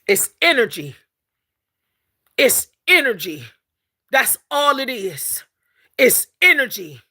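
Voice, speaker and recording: High, bright-voiced woman preaching emphatically. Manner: emphatic, repetitive, laughs often, addresses the audience as "collective". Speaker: spiritual livestream host. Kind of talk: casual spiritual livestream talk.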